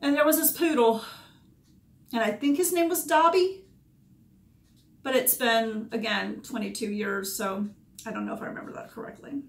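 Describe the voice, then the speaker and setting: A woman's voice: on the high side, moderate pace, gravelly, long pauses. Woman telling a heavy story. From Georgia, USA. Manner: candid, emotional, speaks in short bursts. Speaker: dog groomer. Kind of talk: personal storytelling. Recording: echoey room.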